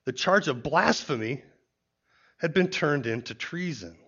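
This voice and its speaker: A man's voice: a little high, lively intonation, measured pace, fairly bright tone, breathy edge. A man giving an expository Bible teaching who explains points step by step and often starts a point with "see". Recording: dull lo-fi recording.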